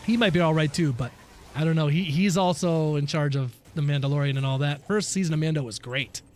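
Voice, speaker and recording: A man's voice: fairly high pitch, brisk, a little hiss or hum. A man streaming a video game, chatting casually with viewers, ranting and swearing freely and laughing at himself. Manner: reads and answers chat while playing. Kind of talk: casual live-stream chat.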